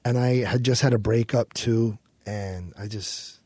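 A middle-aged American man telling a story as a guest in an interview, animated and quick to act out what others said. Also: on the low side, slightly rough, no room sound. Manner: animated storyteller, acts out quotes, swears freely.

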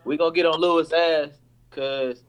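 A man co-hosting a casual podcast, teasing his friends in quick banter. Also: on the high side, steady tone, smooth, low-quality recording. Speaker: podcast co-host. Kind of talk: casual chat.

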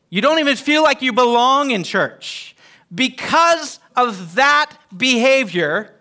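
A man's voice: very high-pitched, bright, forceful tone. A man teaching a Bible lesson to a group, emphatic, often putting questions to his listeners.

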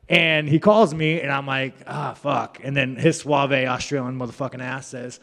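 A man's voice: mid-range voice, fairly even intonation, normal speed, vocal fry, few pauses, fairly bright tone. A man, a professional fighter, giving rambling, profane, mocking answers to reporters. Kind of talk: media scrum answers. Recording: reverberant room.

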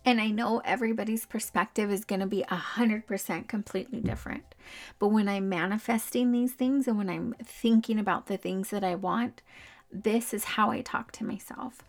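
A woman's voice: medium pitch, fairly even intonation, normal speed. A young adult woman hosting a casual solo podcast, chatty and upbeat, laughing often between her thoughts. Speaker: podcast host.

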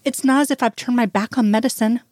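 A woman's voice: a little high, steady tone, quick pace, darkish tone, no room sound, pitched above the performer's own voice, lightly acted. A woman reading the lines of an upset young woman in her late twenties, keeping close to her own voice. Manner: read in the narrator's own voice.

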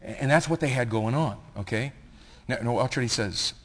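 A man preaching a sermon as pastor, swinging from hushed asides to loud, impassioned reading. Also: medium pitch, normal speed. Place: church sanctuary. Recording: long reverb of a large hall.

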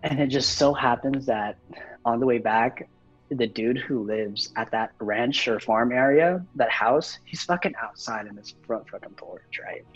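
Brief: young man, mid-pitched, loose rambling storyteller, lo-fi audio with faint music under it. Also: a little slow, breathy edge. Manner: rambling, heavy "like" fillers, frequent swearing. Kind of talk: casual storytelling.

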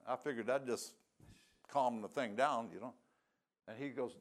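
A man's voice: medium pitch, moderate pace. An older man giving a sermon testimony, telling his story in a folksy, plain-spoken way. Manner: folksy storytelling with rural grammar.

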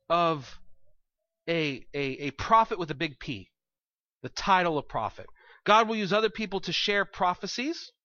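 A man preaching a sermon in a chatty, thinking-aloud way, often doubling his words as he goes. His voice sits high and rings bright. The sound is dry and a bit dull. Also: no echo. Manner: conversational, repeats words as he thinks. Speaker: pastor.

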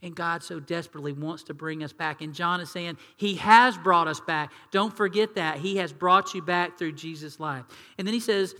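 Animated pastor in an echoey hall. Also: male voice, fairly high pitch, a little fast, hardly any pauses. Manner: animated, acts out quoted voices in hushed tones. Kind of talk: sermon.

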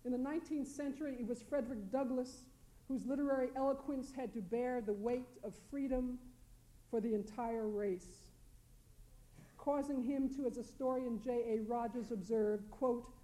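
A woman with a fairly high, mellow, warm voice delivers a prepared academic talk from a panel. She reads in a measured, deliberate way and presses hard on key words. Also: steady tone, poor audio. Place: lecture hall panel.

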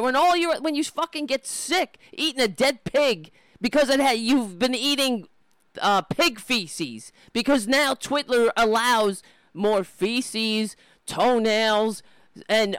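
A man's voice: extremely high pitch, clear, resonant tone, no room sound. A man angrily ranting about politics, swearing constantly, mocking people in put-on voices and admitting he screams at the television. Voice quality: profane, shouting, mocking mimicry. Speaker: political commentary host. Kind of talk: angry ranting commentary.

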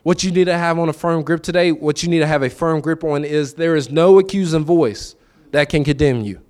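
A male preacher delivers a conversational sermon to a responding congregation. His voice sits a little higher than most men's, and he tells personal stories by acting out both sides of the conversation. He hammers home his points by repeating key lines. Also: brisk, darkish tone, clean tone. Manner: storytelling, acting out his own and others' dialogue; repeats key phrases for emphasis.

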